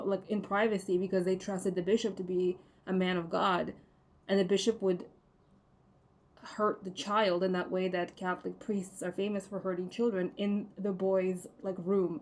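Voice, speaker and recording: A woman speaks to her viewers in a loose, rambling monologue. Her voice sits at an ordinary mid pitch, and she strings thoughts together with endless "like" fillers and blunt profanity. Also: a little mellow. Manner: rambling, heavy use of "like" fillers.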